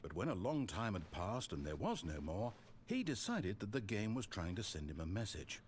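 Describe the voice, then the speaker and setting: A man voicing a dry male game narrator, speaking in a measured, wry and sardonic way. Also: on the low side, big pitch swings, slight background noise.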